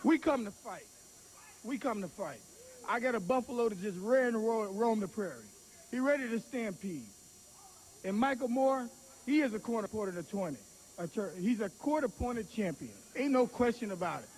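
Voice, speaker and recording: Fiery high-voiced man taunting at a press conference. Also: lively intonation, moderate pace, rough recording. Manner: loud, taunting, preacher-like rhetorical cadence. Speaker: boxing manager and trainer. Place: crowded press conference hall.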